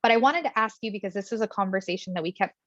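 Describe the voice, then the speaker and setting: A woman hosting a podcast interview, asking questions in a relaxed way with many fillers. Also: mid-range voice, racing, no room sound. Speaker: podcast host, speech-language pathologist. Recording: dull, dry remote mic.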